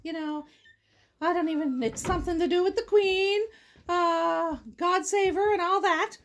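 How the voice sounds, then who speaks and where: A woman's voice: extremely high pitch, unhurried. A woman from Canada reading a children's story aloud, wandering into jokey, rambling asides. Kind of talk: casual read-aloud storytelling.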